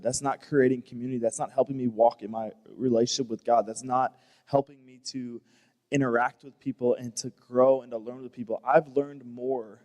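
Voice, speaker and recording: A man's voice: medium pitch, darkish tone, in a large hall. A man on a church staff talking earnestly in a panel discussion, often repeating himself and restarting phrases. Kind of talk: heartfelt panel talk.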